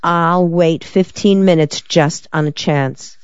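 An audiobook reader voicing a crisp, impatient male police lieutenant. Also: mid-range voice, steady tone, slow pace, no echo, dull audio, close to an everyday voice. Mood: brisk. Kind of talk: audiobook character reading.

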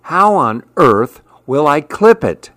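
A man's voice: a little high, very animated, takes it slowly, fairly bright tone, dry recording, full character voice. A man voicing a grumpy, solitary man in a storybook reading, his lines fussy and insistent. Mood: frantic. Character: grumpy solitary man who wants to be alone.

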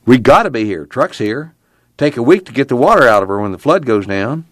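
A man's voice: medium pitch, lively intonation, a little fast, no echo, clean studio sound, pitched above the performer's own voice, close to an everyday voice. A man reading aloud voicing a practical, blunt young man from a rural family in an audiobook, with a folksy drawl. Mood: earnest.

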